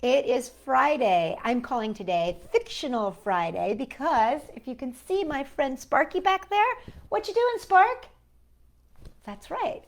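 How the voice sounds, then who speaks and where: A woman hosting a children's storytime, talking gently to a puppet and to young viewers. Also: sits high, lively intonation, unhurried. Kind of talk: storytime reading and sing-along for children.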